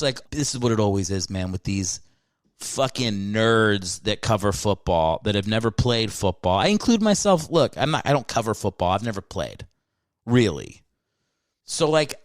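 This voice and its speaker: A man with a fairly low voice rants on his comedy podcast, swearing and rambling through sports talk. The sound is dry and close, with no room around it. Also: no room sound. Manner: rambling, profane, riled-up sports rant. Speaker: podcast host. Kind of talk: solo comedy podcast monologue.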